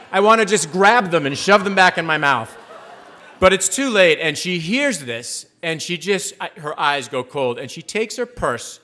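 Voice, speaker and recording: A man telling a personal story live on stage, animated and self-deprecating, with frequent restarts. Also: high voice.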